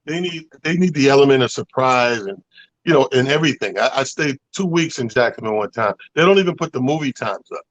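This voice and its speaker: A man co-hosting a casual sports talk show, giving relaxed, folksy takes with little stories. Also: medium pitch, fast talker, no echo. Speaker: co-host. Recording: dull, dry sound.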